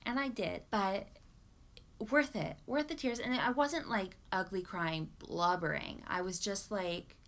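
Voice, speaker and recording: A young woman from Canada chatting casually about books she read, rambling and animated with many asides. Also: mid-range voice, measured pace. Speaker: book vlogger. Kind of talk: casual chat.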